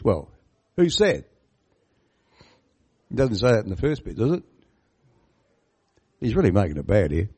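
An animated man preaching a sermon, his pitch swinging widely as he stresses points. He is emphatic, keeps throwing questions at his listeners and stops to comment on the passage. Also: moderate pace, pauses often, slightly rough. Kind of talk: sermon on a Bible parable.

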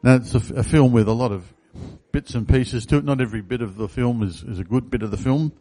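A man's voice: medium pitch, quick pace, dark tone. A man preaching a sermon in a conversational way, asking the congregation questions. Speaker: pastor.

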